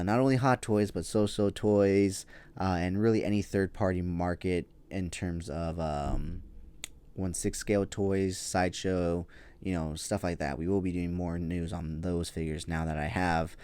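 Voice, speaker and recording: Rambling through a toy news podcast on his own, the host uses a low, somewhat mellow voice, dropping frequent fillers and offhand swears as he chats.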